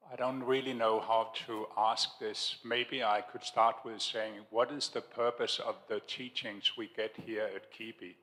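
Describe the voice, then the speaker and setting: A man in the audience who asks his question very slowly, hesitating and searching for his words. His voice rings in a long hall reverb. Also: lowish voice, a bit bright. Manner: hesitant and halting. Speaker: audience member asking a question.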